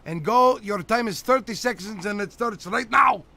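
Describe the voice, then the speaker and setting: A man's voice: sits high, moderate pace, creaky, bright, forceful tone, heavily acted. A man playing a brash 212-year-old showman. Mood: teasing. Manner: brash, teasing, theatrical. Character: boastful 212-year-old male theme-park host. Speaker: game show host. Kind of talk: comedic live-stream game show.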